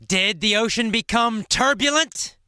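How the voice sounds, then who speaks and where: A man teaching English by telling a story slowly, asking questions and answering them himself. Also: high-pitched, bright, forceful tone, clean tone, dry recording, clean studio sound. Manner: repeats and answers his own questions, dramatic swings to near whisper.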